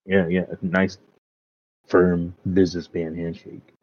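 A man's voice: sits low, flat delivery, unhurried. A man as a podcast guest in casual chat, laid-back and saying "bro" constantly. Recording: dull dry lo-fi sound.

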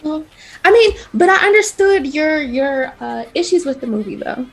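Bright-voiced young woman podcaster. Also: sits high, lively intonation, normal speed. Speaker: podcast co-host. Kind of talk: casual chat.

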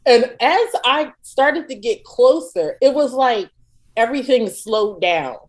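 A woman co-hosting a casual podcast, telling a funny story in an animated way and acting out her own panicked shouts. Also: fairly high pitch, measured pace, poor audio. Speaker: podcast co-host.

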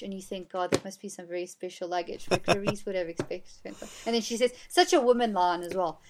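A woman's voice: mid-range voice, quick pace, few pauses, heavy background noise. Chatty woman film podcast host. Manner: animated, acts out quotes, laughs often. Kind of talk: casual chat about a film.

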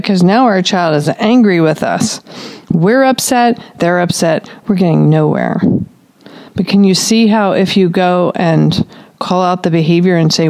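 Lady parenting coach, kinda low voice, calm and explaining things step by step. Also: moderate pace. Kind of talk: advice talk to parents.

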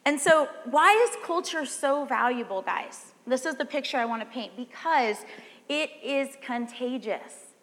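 A woman with a Southern American accent preaching a sermon in a lively, conversational way, often asking the audience questions. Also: high voice, measured pace, in a large hall. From Southern United States.

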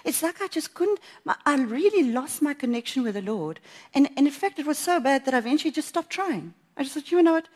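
A woman giving a personal faith testimony at church, telling her story in a lively way and acting out what she thought at the time. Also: sits high, brisk. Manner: animated storytelling, acts out her own past thoughts, laughs often.

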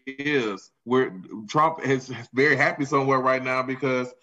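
A man's voice: medium pitch, steady tone, a little slow, pushed and bright, a little hiss or hum. A man co-hosting a podcast, talking earnestly in long runs with fillers. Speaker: podcast co-host. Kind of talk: casual chat. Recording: dull lo-fi audio.

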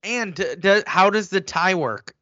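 A man co-hosting a casual sports podcast, excitable and quick to get heated as he rants. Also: sits high, no echo, muffled recording. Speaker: podcast co-host.

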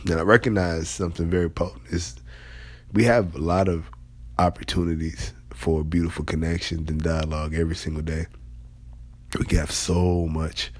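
A man's voice: low voice, slightly rough, dry recording. A man giving a conversational motivational talk to leaders, emphatic and repeating key phrases. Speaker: motivational speaker.

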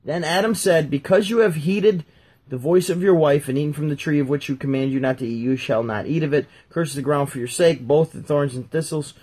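A man's voice: a little high, brisk, darkish tone, slightly rough. A man hosting a casual talk, reading Bible verses aloud and joking about them as he goes. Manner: jokey, talks while flipping through pages. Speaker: podcast host reading scripture.

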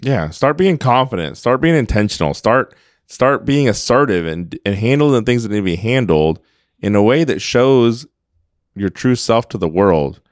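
A man's voice: medium pitch, animated, moderate pace, dry recording, studio quality. A man co-hosting a podcast, speaking earnestly and urging listeners with rhetorical questions. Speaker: podcast co-host. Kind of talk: motivational podcast talk.

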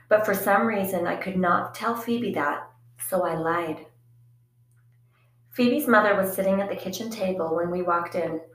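A woman narrating a first-person storybook in a quiet, reflective, even manner. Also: mid-range voice. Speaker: audiobook narrator. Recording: echoey room.

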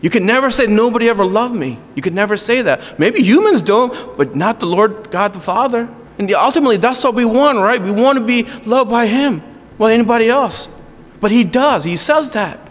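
A man's voice: very high-pitched, lively intonation, brisk, in a large hall. A man preaching a sermon as pastor, earnest and conversational, with joking asides to his congregation.

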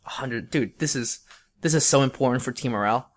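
A young podcast co-host tells a long story casually and ramblingly, full of fillers and restarts. His voice is medium-pitched and brisk.

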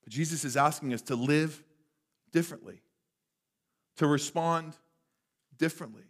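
A male pastor preaching a sermon in a church, conversational and animated, sometimes dropping to a hush for effect. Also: fairly high pitch, normal speed. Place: church sanctuary.

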